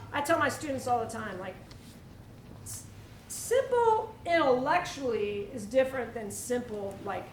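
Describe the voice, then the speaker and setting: High-voiced woman teaching a drum clinic. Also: background noise. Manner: energetic, asks the room questions and demonstrates. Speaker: percussion clinician. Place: school hall with students. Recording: echoey hall, mic at a distance, drumming behind.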